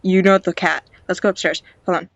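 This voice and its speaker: Fairly quick and steady in tone, this lower-pitched female voice belongs to a game vlogger with a blocked nose. She comments playfully and casually on a game at home, talks to its characters, and occasionally whispers. Her cheap home mic gives a recording with no echo and the highs cut off.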